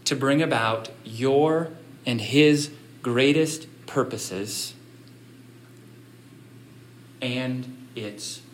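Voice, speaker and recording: A pastor preaching a sermon, telling a story in a conversational way and building to emphatic appeals. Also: male voice, medium pitch, extremely slow, pauses often, slight background noise.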